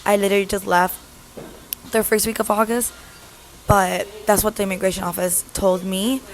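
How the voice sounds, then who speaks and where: A woman in her twenties from the US telling a story in a chatty, animated vlog with lots of fillers. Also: medium pitch, normal speed. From United States. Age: 20s. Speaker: vlogger.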